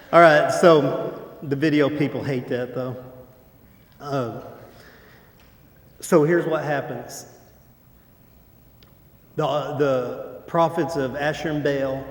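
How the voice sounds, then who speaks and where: A man preaching a casual sermon as a pastor, informal and joking, with lots of filler words, on a stage under hot lights. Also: a little high. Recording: echoey hall, long reverb.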